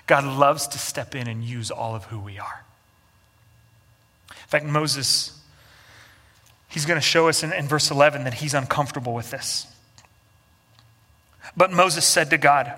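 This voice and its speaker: A man's voice: on the high side, normal speed, pushed and bright. A man preaching a sermon as pastor in an earnest, conversational way that falls into frequent restarts. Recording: echoey hall.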